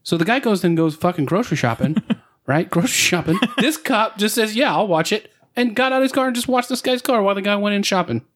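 Male co-host, bit high-pitched, chatty rambling storyteller who keeps laughing. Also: animated, quick pace, fairly bright tone. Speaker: podcast co-host. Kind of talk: casual podcast banter.

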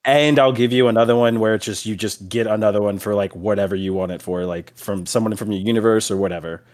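A man's voice: lowish voice, steady tone, fast talker, a little mellow. A man narrates a tabletop game as game master. He talks casually, with fillers, restarts and the odd curse word. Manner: casual, rambling with fillers and cursing.

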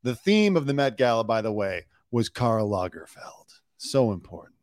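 A man's voice: medium pitch, very animated, moderate pace, a little mellow, dry recording, studio quality. A man, a podcast host and former celebrity news cameraman, in casual comedic chat, joking and sarcastic as he tells stories. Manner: joking, sarcastic, storytelling with put-on quotes.

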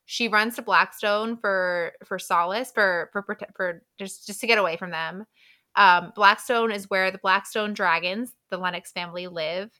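A woman's voice: mid-range voice, steady tone, normal speed, pushed and bright. A woman co-hosting a book podcast, recapping the plot in frank casual chat and laughing often. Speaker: podcast co-host.

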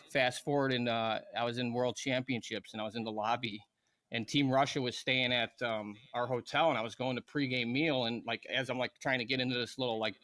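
This is a man in his thirties, once a professional hockey player, rambling casually through a story on a podcast with plenty of fillers and laughter. His voice sits at medium pitch and has a slightly bright quality.

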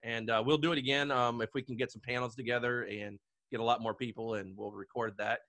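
A man's voice: mid-range voice, fairly even intonation, fast, a bit bright, dry recording. A man hosting a podcast, chatting casually with guests and laughing often. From Delaware. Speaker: podcast host.

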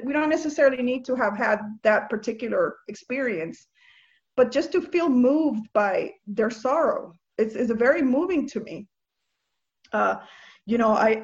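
Woman, from Nicaragua, personal testimony, earnest, reflective, restarts often, slightly high voice, dull lo-fi sound. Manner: earnest, reflective, many restarts and repeated words. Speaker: speaker on faith and empathy. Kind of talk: personal testimony, casual talk.

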